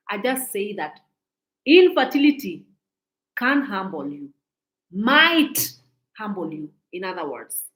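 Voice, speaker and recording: In a casual commentary monologue, a woman in her forties who posts on social media scolds and preaches, repeating herself. Her voice sits in the mid-range with a fairly bright tone, and the room is echoey.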